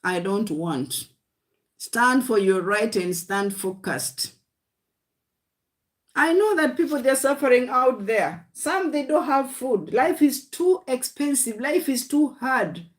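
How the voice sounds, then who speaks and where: A woman delivers a livestream sermon in a fairly high voice, unhurried and deliberate. She repeats her short, emphatic lines of encouragement and keeps calling the audience "guys.". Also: expressive. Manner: emphatic, repetitive exhortation, often calling listeners "guys"; speaks in short declarations of faith. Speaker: preacher.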